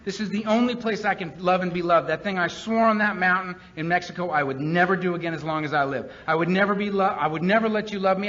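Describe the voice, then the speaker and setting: A man's voice: high-pitched, sharp tone. A man speaking at a recovery meeting, telling his story in an earnest, emphatic way and often repeating lines for weight. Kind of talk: personal testimony talk. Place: meeting hall with a live audience. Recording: dull lo-fi meeting recording with faint background hiss.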